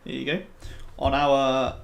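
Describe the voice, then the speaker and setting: A man's voice: medium pitch, monotone, takes it slowly, vocal fry, dull audio. A man giving casual live-stream commentary on a game he helped make, rambling and offhand, with the odd swear word. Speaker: game developer commenting on his mod. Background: faint game music.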